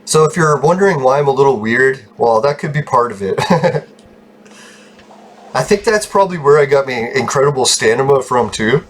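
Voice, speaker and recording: A man's voice: mid-range voice, expressive, normal speed, slight background noise. A man telling rambling personal stories while commenting on his gameplay, swearing often and laughing at himself. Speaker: gaming YouTuber.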